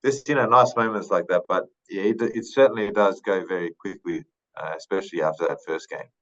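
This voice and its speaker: A man in his thirties from Papua New Guinea talks through his memories slowly, with many ums and restarts. His voice sits low, and the podcast audio sounds dull and lo-fi. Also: a bit bright. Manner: thoughtful, unhurried, many fillers and restarts. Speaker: podcast guest, retired rugby league player. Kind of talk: casual interview storytelling.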